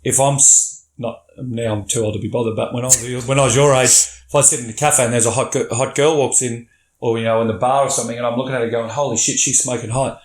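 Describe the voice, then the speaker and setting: A man's voice: mid-range voice, fairly even intonation, quick pace. A middle-aged man, a podcast guest telling stories bluntly and swearing freely. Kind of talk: candid storytelling chat. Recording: roomy echo.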